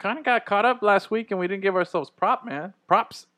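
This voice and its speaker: A man's voice: high-pitched, moderate pace, sharp tone, no room sound, studio quality. A man co-hosting a casual sports podcast, loose and bantering. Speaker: podcast co-host.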